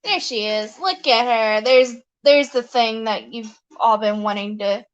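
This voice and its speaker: High-voiced chatty woman streamer. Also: a little slow, highs cut off. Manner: chatty, laughs often, talks to chat and her dog. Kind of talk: casual live-stream chat.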